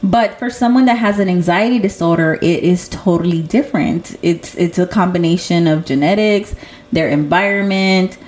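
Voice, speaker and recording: A woman's voice: on the low side, normal speed. A young woman hosting a casual chat, talking loosely and laughing often as she tells stories. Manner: laughs often, animated storytelling. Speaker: host.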